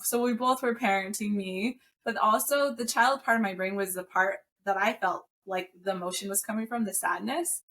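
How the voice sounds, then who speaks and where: A woman with a mid-pitched voice tells a personal story in casual podcast chat. She speaks openly and plainly, repeating herself as she finds her words. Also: normal speed, fairly bright tone, a little hiss or hum. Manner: open and candid, telling personal stories. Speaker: podcast co-host.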